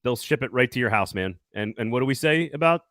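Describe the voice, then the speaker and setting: A man co-hosts a sports talk show in a casual, jokey way. His voice sits at an average pitch and sounds dry and close. He laughs often and hypes his co-host. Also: expressive, fast, a bit bright, dry recording. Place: Nashville studio.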